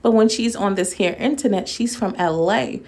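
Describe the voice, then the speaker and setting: Talking to viewers like friends, this woman runs a laid-back commentary video on YouTube, mocking and sarcastic, breaking into frequent laughter. Her voice is mid-range and a little mellow, at a moderate pace.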